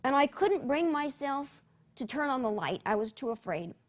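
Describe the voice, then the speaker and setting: A woman guest sharing her personal testimony in an interview, earnest and dramatic, dropping to a hushed voice at tender moments. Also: sits high, big pitch swings, normal speed.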